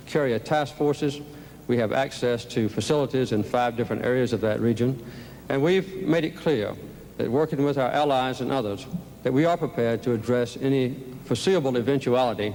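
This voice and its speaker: Man giving a careful debate answer, slow deliberate phrasing, old archive audio with a long hall echo. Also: medium pitch, darkish tone, a little hiss or hum. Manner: measured, deliberate, speechlike. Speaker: presidential debate candidate.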